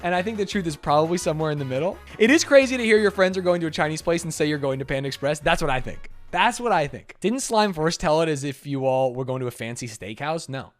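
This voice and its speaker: A man's voice: fairly high pitch, fast, few pauses, soft background music. A young man, a streamer, telling a story in a casual, emphatic and defensive way. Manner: animated, emphatic, defensive retelling.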